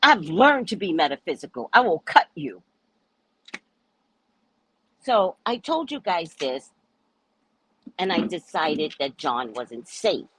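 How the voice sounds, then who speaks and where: A woman host telling her viewers a story in a casual, animated way, cursing freely and acting out what people said. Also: fairly low pitch, unhurried, breathy edge, dry recording, rough recording. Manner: animated, profane, acts out quoted people. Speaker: psychic reader and host.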